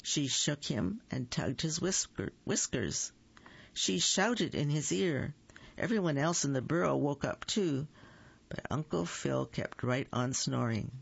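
Slow gravelly man reading a children's story. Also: fairly high pitch, lively intonation, no echo, highs cut off. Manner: slow, gentle storytelling with small slips. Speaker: reader.

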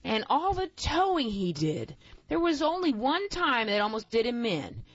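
A woman's voice: a little high, very animated, measured pace, dry recording. A woman telling tall tales in a playful, folksy storytelling manner and explaining word origins. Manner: playful folksy yarn-spinner. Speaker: storyteller and co-host. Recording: dull lo-fi recording, dry.

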